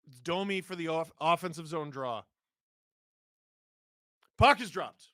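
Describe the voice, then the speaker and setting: During a live hockey watch-along, the male host speaks in a slightly high, cold-roughened, hoarse voice. He rattles off the play-by-play and reads chat with abrupt excited yells, and the audio has no echo.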